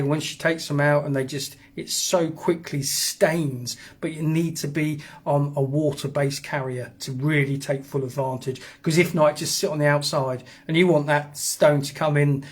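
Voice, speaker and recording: Chatty host, middle-high voice, rambling live-stream talk. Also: male voice. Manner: rambling, chatty, reads out viewer comments. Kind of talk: casual live stream chat.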